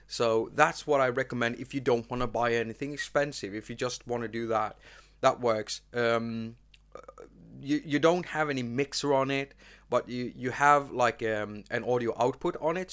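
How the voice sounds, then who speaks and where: A man's voice: medium pitch, fairly bright tone. Rambling man hosting a live stream. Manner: rambling, many fillers and restarts. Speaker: host. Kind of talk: casual live-stream chat.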